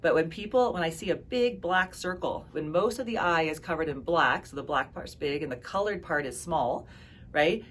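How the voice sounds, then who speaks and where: Low-voiced chatty woman. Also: expressive, moderate pace, fairly bright tone, slight background noise. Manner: conversational, chatty, asks "right?" and "okay?" often. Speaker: health practitioner. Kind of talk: casual health talk to camera.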